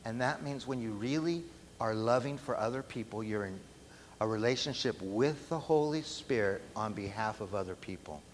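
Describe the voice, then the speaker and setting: A man's voice: on the low side, moderate pace. A man preaching a sermon, emphatic and often asking the room questions. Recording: long hall reverb, faint background noise.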